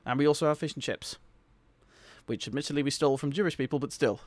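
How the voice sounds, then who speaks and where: A young British man chats casually with viewers on a live stream, giggling, rambling, and reacting to the chat. His voice is a little high, he talks fast, and the recording is dry.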